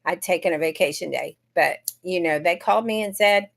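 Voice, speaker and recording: A woman's voice: fairly low pitch, fast talker, vocal fry, hardly any pauses. A middle-aged woman from Georgia, chatting casually on a livestream and greeting viewers by name. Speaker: livestream host.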